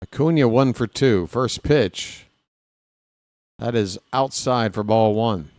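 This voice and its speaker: A man's voice: medium pitch, slow pace, a little mellow, no room sound, studio quality. A man calling baseball play-by-play for his stream, with casual, self-deprecating asides to viewers.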